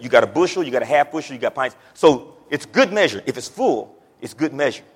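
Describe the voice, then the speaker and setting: A man preaching a sermon, moving from quiet scripture reading to loud, excited preaching, with folksy stories and repeated words. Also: mid-range voice, a little fast, few pauses, husky, in a large hall. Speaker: pastor.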